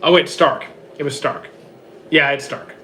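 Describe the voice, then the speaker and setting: A man with a hoarse, worn-out voice reads out viewer questions and answers them offhand in casual livestream chat from home. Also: medium pitch, lively intonation, measured pace, pushed and bright, slight background noise. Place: home with roommates.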